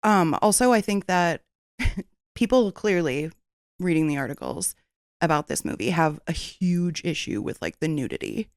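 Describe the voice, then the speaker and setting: A woman's voice: on the low side, lively intonation, moderate pace, no echo, studio quality. A woman co-hosting a casual podcast, teasing and swearing freely. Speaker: podcast co-host.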